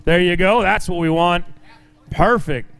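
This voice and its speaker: A man's voice: high voice, unhurried, gravelly, fairly bright tone, clear, resonant tone. A man emceeing a fishing tournament weigh-in, announcing weights in an upbeat way and joking with the anglers.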